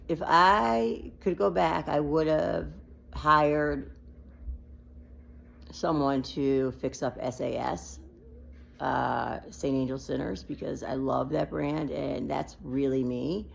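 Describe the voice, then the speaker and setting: An adult woman with a child speaks in a deep, slow voice with vocal fry. In this unedited personal vlog she rambles off the cuff, emotional and close to crying.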